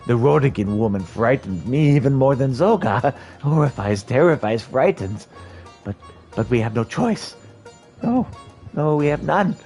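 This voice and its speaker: A man's voice: medium pitch, lively intonation, measured pace, darkish tone, soft background music. A man voicing a timid, fretful male kobold in a game, stammering and piling up anxious synonyms. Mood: whiny. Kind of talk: reading game dialogue aloud in character.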